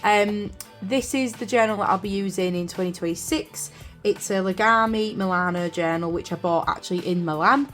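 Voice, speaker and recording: A young British woman chatting casually as she films a vlog about her journal, rambling with fillers and quick apologies, recorded on a camera on a desk stand. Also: mid-range voice, fairly bright tone, faint music behind. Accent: British English. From United Kingdom. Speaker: journaling vlogger. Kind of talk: casual chat. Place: craft room indoors.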